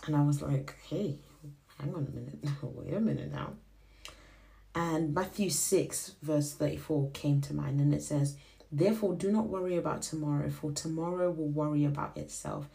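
Low gravelly-voiced woman telling a story. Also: normal speed. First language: Shona. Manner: animated storytelling, acting out quoted voices. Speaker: podcast host. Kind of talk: casual faith reflection monologue.

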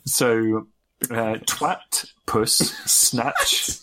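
A man's voice: mid-range voice, huge pitch swings, very slow, sharp tone. A man co-hosting a casual podcast, teasing his co-host with crude, joking banter.

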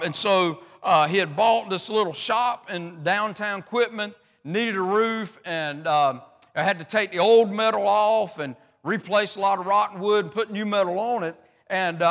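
High-voiced preacher in an echoey church. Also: male voice, fairly bright tone. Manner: folksy, rambling, many restarts and fillers. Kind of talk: sermon.

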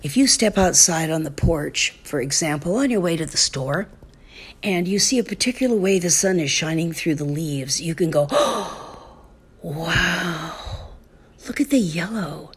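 A middle-aged woman hosting a parenting advice talk, speaking softly and slowly, often dropping to a whisper. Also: deep voice, expressive, breathy edge. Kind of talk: gentle spoken advice monologue.

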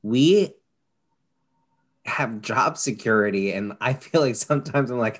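A man co-hosting a podcast in casual chat, joking and animated. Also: mid-range voice, measured pace. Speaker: podcast co-host.

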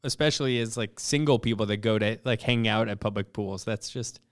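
A man's voice: on the low side, a little fast. A man in his thirties co-hosting a podcast in casual chat, rambling and hesitant with lots of fillers and self-deprecating humor. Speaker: podcast co-host.

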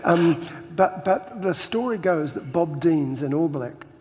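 A man's voice: on the high side, expressive, a little slow, darkish tone. Older man, New Zealand accent, pastor guest, story-telling chat, stumbling restarts, long echoing reverb. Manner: chatty, laughing, repeats words when starting.

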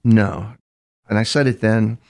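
A man's voice: on the low side, steady tone, unhurried, vocal fry, darkish tone. An older man, a criminal profiler, telling long anecdotes in an interview, with frequent restarts. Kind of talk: interview storytelling.

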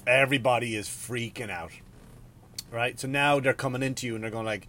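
A man's voice: medium pitch, brisk, a little hiss or hum. Profane ranting man, rambling. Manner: profane, rambling, animated rant. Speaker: podcast host. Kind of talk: casual ranting monologue.

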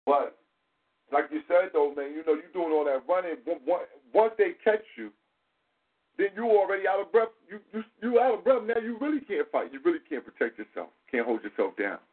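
A man hosting a casual call-in talk show, speaking animated street slang with plenty of profanity. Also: high-pitched, a little fast, slightly rough. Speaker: show host. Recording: tinny phone-line audio.

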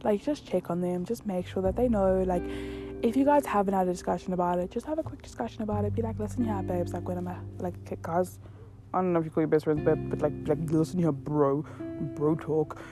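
Young woman, casual confessional podcast host, frank and sweary, clear guitar music underneath. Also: fairly low pitch, quick pace. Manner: candid, swears freely, lots of "like" fillers. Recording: guitar music playing behind.

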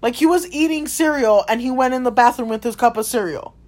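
A woman's voice: a little high, brisk. A young adult woman, a store clerk, animatedly telling a story in casual chat, swearing and saying "dude" and "like" a lot.

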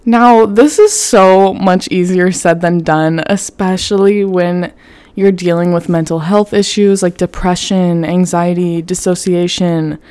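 Low, mellow young woman talking candidly. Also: steady tone, measured pace, clean tone, no echo. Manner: candid, swears freely, fills with "like". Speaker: podcast host. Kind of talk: casual self-help monologue.

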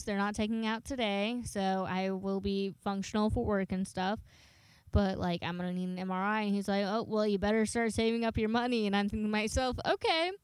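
A woman's voice: medium pitch, smooth, no echo, clean studio sound. A young woman casually telling a story, swearing often and acting out the people she talks to. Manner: chatty, swears a lot, dramatic retelling of dialogue.

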